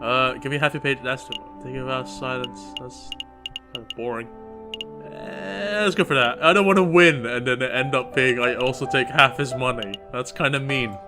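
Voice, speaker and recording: A man's voice: medium pitch, fairly quick. A man commentating his own video game playthrough, making joking, self-mocking asides. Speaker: gaming channel host. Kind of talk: let's play commentary. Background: game music.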